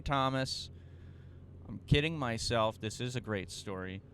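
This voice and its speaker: A young man tells a podcast story in a rambling monologue, swearing and poking fun at himself, with fillers and restarts throughout. His lowish voice is fairly bright and clean, with fairly even intonation at normal speed.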